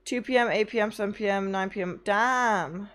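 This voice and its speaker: A woman's voice: mid-range voice, steady tone, quick pace. A young woman streaming, chatting casually with her chat, tired from little sleep, rambling through anecdotes and swearing often.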